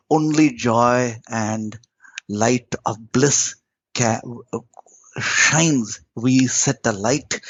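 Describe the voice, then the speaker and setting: A man teaching spirituality as a podcast guest, in lyrical, emphatic phrases with big swoops of pitch. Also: no room sound. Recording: dull lo-fi audio.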